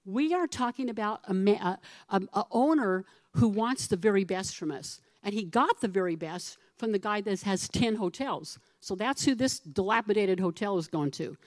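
A middle-aged woman pastor preaching a sermon in a conversational, animated way, asking her congregation questions and acting out the voices of people in her stories. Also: mid-range voice, normal speed, dry recording.

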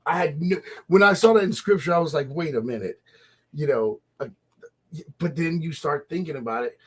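A man hosting a casual faith talk show, animated and laughing often as he acts out little voices. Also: fairly high pitch, normal speed. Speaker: host. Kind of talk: casual radio chat about faith.

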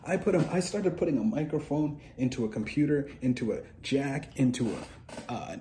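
A man's voice: medium pitch, moderate pace, dark tone, a little hiss or hum. A young man hosting a solo show, rambling and profane in a scattered, stream-of-consciousness way. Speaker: podcast host.

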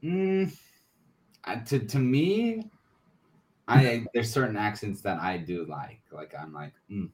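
A man's voice: fairly low pitch, expressive, takes it slowly, long pauses, a little mellow, slight background noise. A man co-hosting a podcast in casual chat, hesitant and searching for his words. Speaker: podcast co-host.

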